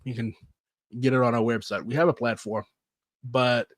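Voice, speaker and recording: A man talks through political clips in loose, blunt commentary, throwing in swear words and filler. His voice sits at an ordinary pitch. The sound is dry and close, with no room echo. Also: fairly even intonation, normal speed. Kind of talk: casual reaction commentary.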